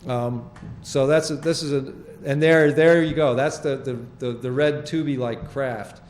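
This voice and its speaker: An older man hosting a small public-access TV show, explaining his photographs in halting, rambling, earnest talk from the studio. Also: medium pitch, fairly even intonation, a little mellow, slight background noise. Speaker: show host presenting his sky photographs.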